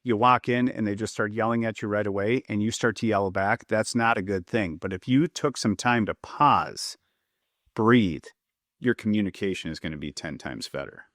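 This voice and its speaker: In a podcast interview, an Upper Midwest American man who trains people in public safety, and who used to be a police officer, lays out his points and performs quoted lines to demonstrate tone. His voice is fairly low and a bit bright, and his pace is moderate. The studio recording is echo-free.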